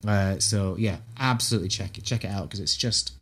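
A man's voice: on the low side, fairly quick, fairly bright tone, husky. Enthusiastic Scottish man. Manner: enthusiastic, gushing recommendations. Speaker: podcast co-host. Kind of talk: casual chat.

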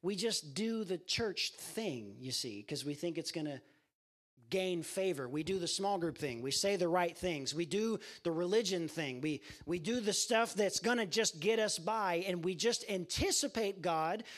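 A man's voice: sits high, animated, unhurried. A man preaching an impassioned sermon to a campus ministry, speaking directly to his listeners. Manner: impassioned, addresses listeners as guys.

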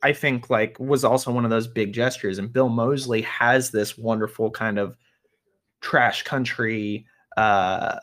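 A podcast co-host talks thoughtfully through a film review in casual chat, with lots of fillers and restarts. His mid-range voice is a bit bright, unhurried, and fairly even in intonation.

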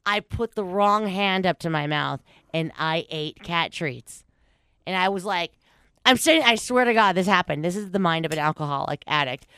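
A woman hosting a podcast, telling stories in casual chat with a lot of swearing, big swings in pitch and frequent laughter. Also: animated, normal speed, a bit bright, clear, resonant tone, no room sound, clean studio sound. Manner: storytelling, reads news aloud with commentary. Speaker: podcast host.

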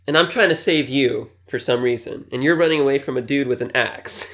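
A man's voice: mid-range voice, brisk, a bit bright. A man in casual conversation about a film who laughs easily and makes playful analogies. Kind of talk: casual movie review chat.

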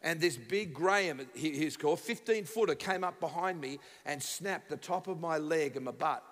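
An Australian man preaching as a guest speaker, telling funny stories and acting out the dialogue with sudden shouts. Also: fairly high pitch, moderate pace, in a large hall. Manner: animated, acts out dialogue, bursts into shouts. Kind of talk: humorous sermon storytelling. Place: church sanctuary.

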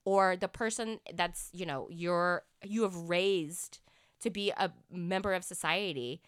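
A woman's voice: lowish voice, unhurried, smooth, no echo, clean studio sound. A woman co-hosting a podcast in casual chat, earnestly explaining an idea at length. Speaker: podcast co-host.

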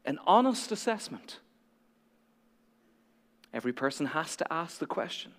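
A man preaching a sermon as a pastor, telling a story dramatically, dropping to a hush and then building to emphatic peaks. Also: on the high side, big pitch swings, normal speed, long pauses, long reverb tail.

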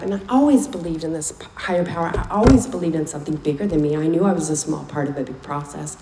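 A woman's voice: sits low, fast talker, hardly any pauses, dark tone. A woman speaking candidly and emotionally at a recovery meeting, sharing her personal story and repeating phrases for weight. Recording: echoey room, faint background noise.

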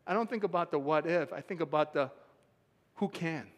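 Preaching in a church sanctuary, a pastor with a somewhat high voice tells stories full of animated, acted-out quotes and laughs often. He speaks at a moderate pace, and his words ring through a long hall reverb.

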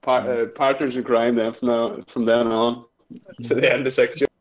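A man's voice: mid-range voice, little pitch movement, moderate pace, highs cut off. A young man telling a school story in casual chat with friends, rambling through fillers and laughing often. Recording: faint background noise with clicks.

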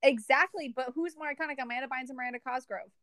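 Blunt high-voiced young woman co-host. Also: fast talker, fairly bright tone, no room sound, studio quality. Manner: blunt, teasing, laughs often. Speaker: podcast co-host. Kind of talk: casual chat.

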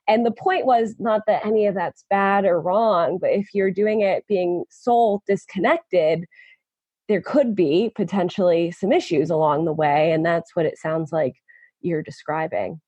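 A woman hosts a podcast, her voice husky and breathy as she shares a reflective anecdote. The sound is close and dry, without room echo. The audio is slightly dull and lo-fi. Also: lowish voice, normal speed, dark tone. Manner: reflective, with short affirming interjections. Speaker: podcast host. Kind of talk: casual interview chat.

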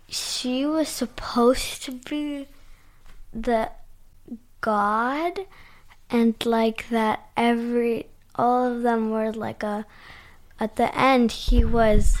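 A young guest on a podcast, answering slowly and hesitantly. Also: female voice, a little high, fairly even intonation. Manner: slow, hesitant replies. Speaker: child guest.

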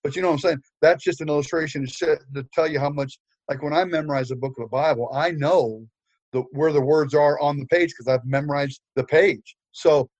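An older male preacher spins a story in a lively, joking sermon style, stumbling over fillers and restarts. His voice sits a bit high for a man. The recording is dry, with no room echo. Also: fairly quick, lo-fi sound. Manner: animated, humorous, many fillers and restarts.

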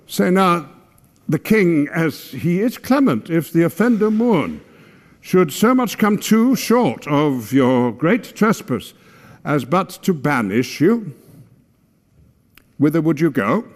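A man giving a dramatic recitation of a classic speech, measured and declamatory, building to forceful emphasis. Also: on the high side, very animated. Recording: long hall reverb.

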